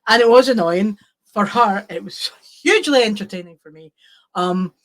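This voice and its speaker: A woman guest chats casually on a podcast in a playful, teasing way. Her voice sits at a middle pitch. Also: normal speed. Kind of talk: casual chat.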